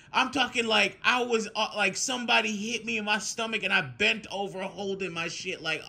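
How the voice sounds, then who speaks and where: A young man, telling a casual story at home, animated, laughing often and swearing freely. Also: high-pitched, moderate pace, vocal fry, few pauses. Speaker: vlogger.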